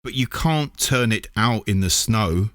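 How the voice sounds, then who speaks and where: A man's voice: fairly low pitch, animated, measured pace, fairly bright tone, no echo, clean studio sound. A man reading a children's story, voicing an earnest young boy who pleads. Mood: pleading.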